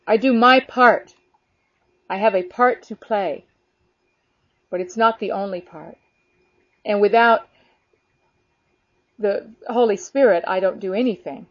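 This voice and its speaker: A woman talking casually about her faith, earnest and animated, filling her talk with "you know.". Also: medium pitch, slow, pauses often, dry recording. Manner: animated, earnest, many fillers. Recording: dull lo-fi sound.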